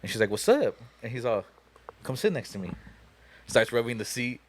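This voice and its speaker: A man's voice: mid-range voice, very animated, moderate pace, a little hiss or hum. A young man hosting a podcast, telling a long story casually, profane and laughing as he goes. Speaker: podcast host.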